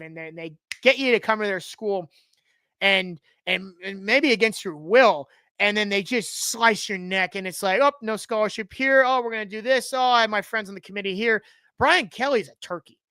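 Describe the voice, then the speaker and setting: A man's voice: high-pitched, bright, forceful tone, no room sound. A man hosting a live-streamed sports talk show, giving opinionated, rambling and sarcastic takes with frequent restarts.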